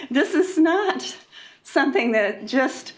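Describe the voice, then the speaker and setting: A woman's voice: sits high, expressive, a little hiss or hum. Upset woman pleading at a public meeting. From Florida. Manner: halting, many fillers, nervous laughs. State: emotional, upset. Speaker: public commenter at port meeting. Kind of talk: public comment speech.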